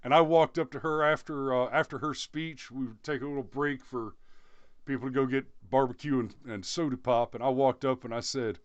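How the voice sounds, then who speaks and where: A man's voice: medium pitch, steady tone, a little fast, no echo. A man hosting a podcast, telling rambling stories in a casual chat and laughing at his own jokes. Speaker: podcast host.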